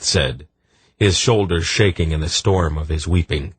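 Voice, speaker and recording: A man narrating an audiobook in a measured, deliberate reading. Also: sits low, husky, no room sound. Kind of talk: scripted narration.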